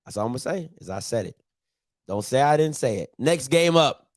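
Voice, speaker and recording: A man's voice: medium pitch, expressive, brisk, background noise. A man hosting a casual football recap, ranting and talking straight to his viewers. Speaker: sports show host.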